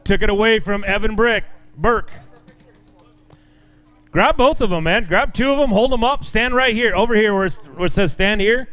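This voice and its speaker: A man's voice: high voice, moderate pace, a bit bright, smooth. A man emceeing a fishing tournament weigh-in, announcing weights in an upbeat way and joking with the anglers.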